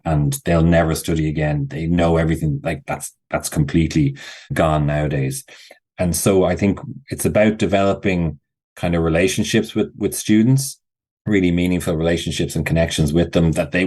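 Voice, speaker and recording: A man's voice: rumbling low, a little mellow, husky. A man, a university skills director, speaking thoughtfully as a podcast guest and often restarting his sentences. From Ireland. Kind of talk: podcast interview.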